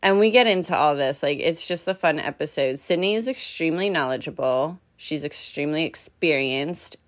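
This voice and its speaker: A woman's voice: deep voice, normal speed. A young woman hosting a podcast, chatting casually with fillers and light laughs. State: out of breath. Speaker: podcast host.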